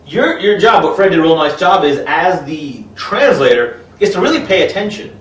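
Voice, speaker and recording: A man explaining an improv exercise as a trainer, lively and expressive in his delivery. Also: fairly high pitch, normal speed, echoey room, recorded from a distance, a little hiss or hum, low-quality recording. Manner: animated, speaks in expressive gibberish while performing.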